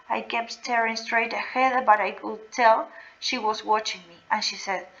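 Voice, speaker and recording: A woman reads a novel aloud at an unhurried, careful pace, her voice bright and clear. The recording sounds slightly muffled. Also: a little high. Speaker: reader.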